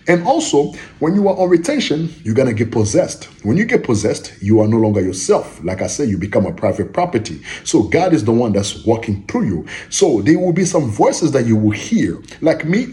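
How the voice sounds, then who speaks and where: A man giving an informal preaching monologue, repeating his points with emphasis and checking in with listeners, slowing and stumbling when he reads scripture aloud. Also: medium pitch, darkish tone. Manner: slow, halting when reading scripture. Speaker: religious teacher.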